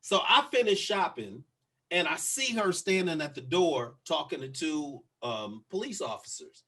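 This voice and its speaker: A man co-hosting a podcast, telling a story in casual chat, profane and animated as he acts out the other people's lines. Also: a little high, unhurried, slightly rough. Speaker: podcast co-host.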